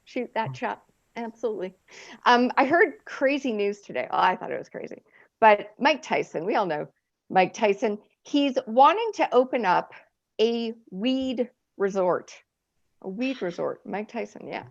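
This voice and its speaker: A woman's voice: fairly high pitch, big pitch swings, a little slow, vocal fry. A woman in her forties doing a chatty, self-mocking stand-up set, laughing at her own jokes. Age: 40s. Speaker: stand-up comedian. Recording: lo-fi stream audio.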